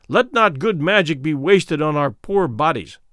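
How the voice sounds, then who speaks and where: A man's voice: on the high side, lively intonation, unhurried, a bit bright, dry recording, clean studio sound. A man voicing a frightened, humble tribesman who speaks hastily to placate. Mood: placating. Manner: hasty, placating.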